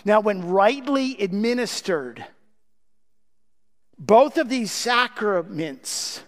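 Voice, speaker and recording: A man's voice: high-pitched, animated, slow pace. A man preaching a sermon as pastor, emphatic, often asking the congregation a rhetorical "what?". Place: church sanctuary. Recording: long reverb from a large church hall.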